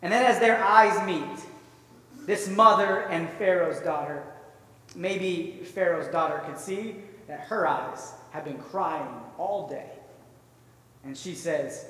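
A man's voice: high-pitched, takes it slowly, a bit bright. A man preaching a sermon, retelling a story vividly and conversationally with many rhetorical questions. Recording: echoey hall, far from mic.

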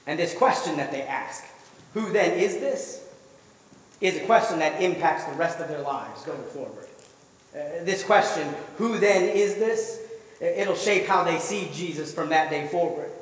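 A man's voice: high-pitched, a bit bright. A man preaching a sermon, retelling a story vividly and asking the listeners rhetorical questions. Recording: echoey hall, voice from far off.

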